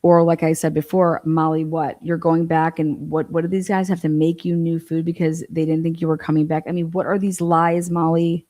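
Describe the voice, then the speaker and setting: Woman, livestream true crime commentary, blunt, profane, incredulous, lowish voice, warm dark tone. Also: flat delivery, moderate pace, few pauses.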